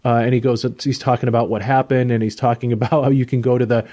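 Male podcast host, mid-range voice, enthusiastic, animated storyteller, casual chat. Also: mid-range voice, quick pace.

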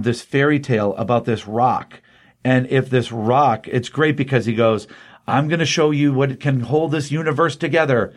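A man casually recapping a comic book story, lively, with quick voices for the characters he quotes. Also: mid-range voice.

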